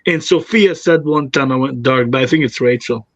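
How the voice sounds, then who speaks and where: A man's voice: mid-range voice, normal speed, no room sound, muffled recording. A man chatting casually on a livestream, rambling and laughing a lot.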